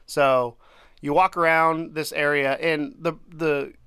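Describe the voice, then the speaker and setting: A man's voice: on the high side, flat delivery, slow, a bit bright, smooth, dry recording. A man co-hosting a podcast, chatting casually about a game he played, rambling with lots of restarts and little laughs. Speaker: podcast co-host. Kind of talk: casual chat reviewing a game.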